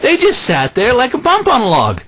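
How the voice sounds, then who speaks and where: A preacher putting on a whiny, indignant apostle. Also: male voice, huge pitch swings, normal speed, sharp tone, heavily acted. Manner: squeaky, protesting, self-justifying.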